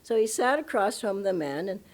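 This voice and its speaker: A woman spiritual teacher telling stories at a satsang, emphatic and animated, often breaking into laughter. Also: mid-range voice, normal speed. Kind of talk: storytelling satsang talk. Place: ashram satsang hall.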